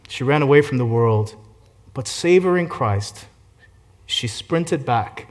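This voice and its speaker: A man preaching a sermon as a pastor, shifting from gentle hushed passages to loud fervent climaxes. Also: medium pitch.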